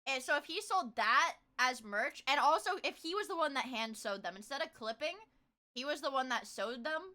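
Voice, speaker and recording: A young woman streamer chatting casually with her viewers, rambling and swearing, breaking into loud laughter. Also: high-pitched, expressive, normal speed. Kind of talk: casual livestream chat.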